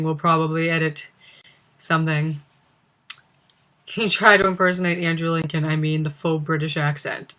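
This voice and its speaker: A woman's voice: low voice, bright, forceful tone. A young woman chatting casually on a livestream, answering viewers in a giggly, rambling way full of fillers.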